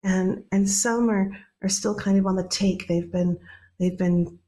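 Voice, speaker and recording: A woman telling a myth in a relaxed, conversational way, with restarts and playful asides. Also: mid-range voice, a little slow. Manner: conversational, playful, with many restarts and animated quoted voices. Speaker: storyteller. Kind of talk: oral mythtelling.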